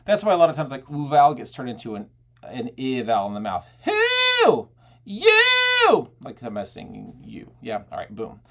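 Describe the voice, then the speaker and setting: A man teaching belting technique, talking casually and breaking into loud belted "hey" and vowel demonstrations. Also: mid-range voice, expressive, quick pace. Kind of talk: vocal technique lesson with sung demonstrations.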